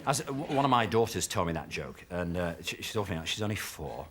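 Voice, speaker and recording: A man's voice: low-pitched, very animated, very noisy. A man in his thirties doing a chatty stand-up routine in a TV studio. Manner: chatty, quick with voices. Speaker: stand-up comedian. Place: TV studio with live audience. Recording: 1970s TV studio with audience.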